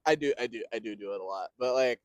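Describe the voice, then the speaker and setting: A young man co-hosting a casual podcast, animated and full of fillers, laughing often. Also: mid-range voice, fast, no echo. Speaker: podcast co-host. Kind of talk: casual chat.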